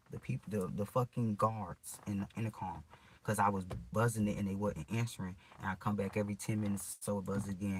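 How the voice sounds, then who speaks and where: A man's voice: lowish voice, fairly even intonation, brisk, a little mellow, a little hiss or hum, low-quality recording. A man emotionally recounting a personal ordeal to his viewers in casual, profane, rambling speech full of restarts.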